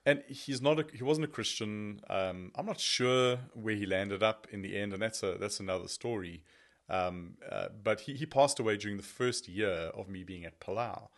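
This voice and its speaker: A man who is a podcast guest, telling his personal testimony as an animated, self-deprecating storyteller. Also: on the low side, normal speed.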